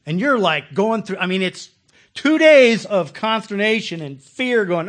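A man preaching a conversational sermon as a pastor, animated, asking his listeners questions and acting out the voices he quotes. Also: high-pitched, unhurried.

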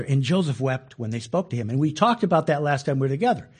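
A man teaching a Bible study in a folksy, animated way, acting out the quoted lines with extra force. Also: medium pitch, fast talker, husky.

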